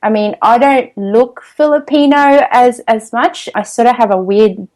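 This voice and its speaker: Chatty Australian mum as interview guest, laughs easily, natural restarts. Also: female voice, a little high, measured pace, a little mellow, low-quality recording. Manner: chatty, laughs often, many ums and restarts. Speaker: podcast guest.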